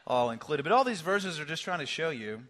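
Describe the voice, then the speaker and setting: A middle-aged male pastor delivering a sermon in a bright, fairly high voice. His pitch moves a lot, with loud emphatic phrases that fall to near whispers. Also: a little fast. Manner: animated, swings from loud emphasis to hushed whispers.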